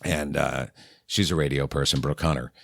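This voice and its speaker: Middle-aged New England man, deep low voice, radio host spinning lively anecdotes, dry close mic. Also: normal speed, creaky, husky, no room sound. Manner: animated anecdotes, acting out quoted exchanges. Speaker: radio morning show host, podcast guest. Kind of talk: candid storytelling in a conversation.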